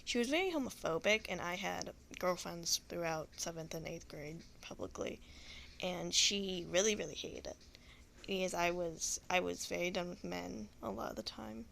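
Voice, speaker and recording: Profane Texan woman with vocal fry. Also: fairly low pitch, normal speed, fairly bright tone, a little hiss or hum. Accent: Southern US (Texan). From Texas. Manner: rambling, profane, frank. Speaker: storyteller. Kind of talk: casual storytelling monologue.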